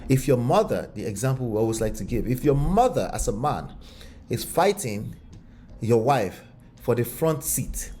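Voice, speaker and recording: A man commenting on a relationship video, animated and full of rhetorical questions. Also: mid-range voice. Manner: animated, rhetorical questions, slips into acted voices. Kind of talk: reaction commentary.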